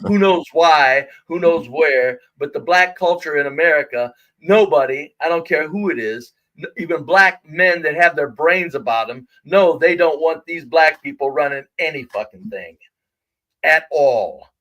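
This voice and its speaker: A man talking on a live stream in a high, bright and forceful voice. He speaks bluntly and leans hard on his points in loose, unscripted chat. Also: unhurried, highs cut off. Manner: blunt, emphatic. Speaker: co-host of a call-in livestream.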